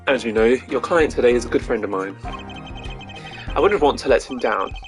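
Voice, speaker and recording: A man's voice: medium pitch, animated, normal speed, faint music behind, natural voice. A man doing a posh, composed lawyer boss. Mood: wry. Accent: posh British. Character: calm, posh male senior lawyer boss. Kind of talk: game playthrough voice acting.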